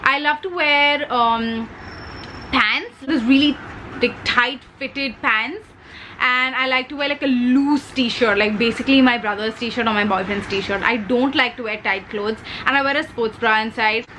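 A young woman with an Indian English accent talks through her makeup routine in a loose, chatty vlog way. Her voice sits a little high, and she mixes in Hindi words. A faint hum of room noise sits behind her. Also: steady tone, a little slow, bright, forceful tone, low-quality recording. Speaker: beauty vlogger. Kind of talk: casual chat while doing makeup.

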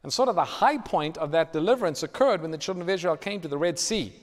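Male preacher, higher voice, dramatic sermon, echoing church hall. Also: expressive, fast. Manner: dramatic, shifts from loud to hushed.

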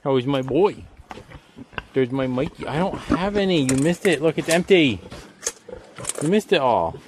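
A man's voice: medium pitch, lively intonation, unhurried. A man homesteader chatting casually and fondly to his pigs outdoors on a farm, using doting baby talk. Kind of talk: casual vlog chat with animals. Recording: outdoor farm noise and animals.

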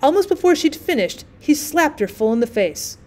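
A woman teacher reads a classic short story aloud as an audiobook, telling it steadily and expressively. Her voice sits a touch higher than most women's. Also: very animated, normal speed, mellow.

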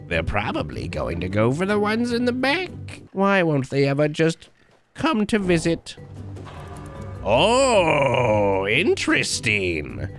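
A man voicing a spiteful, vengeful old grandmother in a video game with a creaky, cackling manner. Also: high-pitched, bright, forceful tone, pitched above the performer's own voice, full character voice. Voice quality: creaky, crackly old-lady voice. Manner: drawn-out taunting, cackling.

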